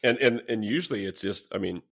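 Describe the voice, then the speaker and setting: With a fairly low pitch, vocal fry and a fairly quick pace, a former police officer tells a story during a casual podcast interview. He speaks in an animated way, swearing freely and acting out quoted lines.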